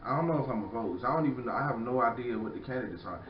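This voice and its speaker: A man's voice: mid-range voice, expressive, racing, a little hiss or hum. A young man hosting a casual podcast, ranting in a profane, rambling way and repeating "you know what I'm saying.". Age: young adult. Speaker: podcast host. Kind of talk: casual rant. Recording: echoey room, far from mic, dull.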